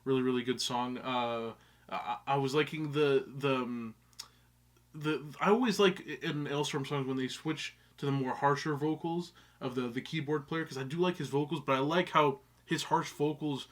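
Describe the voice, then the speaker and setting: A man's voice: mid-range voice, moderate pace. A man co-hosting a music reaction, talking casually and hesitantly, with many fillers. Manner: easygoing, hesitant, lots of fillers and restarts. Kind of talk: casual chat.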